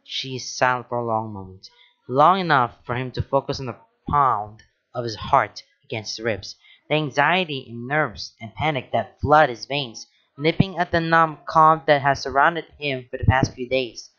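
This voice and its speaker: A man reads a story aloud, now and then stopping for casual, halting asides. His voice sits in a middle register. The recording is dull and lo-fi. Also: mid-range voice, bright, forceful tone. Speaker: fan fiction reader.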